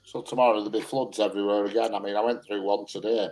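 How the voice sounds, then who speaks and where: A man's voice: fairly low pitch, flat delivery, fast talker, mellow, slight background noise. Man, casual banter on a video call, loose and laughing, plenty of swearing. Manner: chatty, laughing, swears freely. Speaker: live stream panel guest.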